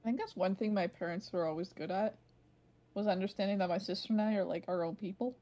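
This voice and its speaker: A woman's voice: mid-range voice, fast talker, dark tone. A woman in her twenties co-hosting a podcast in casual chat, rambling and filling her sentences with "like". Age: 20s. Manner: rambling, leaning heavily on "like". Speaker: podcast co-host.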